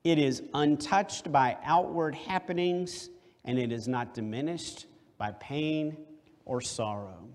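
Slow, deliberate male preacher. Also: fairly high pitch. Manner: deliberate, emphatic, rhetorical questions. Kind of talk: sermon. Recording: long hall reverb.

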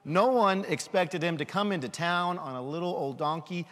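A man giving a children's sermon, lively and full of questions for the kids. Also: high-pitched, moderate pace, big-room sound. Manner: animated, asks children questions.

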